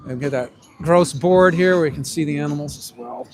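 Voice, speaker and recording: Male activist streamer, projecting outdoor voice, high and bright, light music in the background. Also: a little fast. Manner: calls out to passers-by, loud projecting voice. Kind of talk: outdoor live stream commentary. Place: outdoors in a busy public plaza. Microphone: handheld phone mic. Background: music from outdoor speakers.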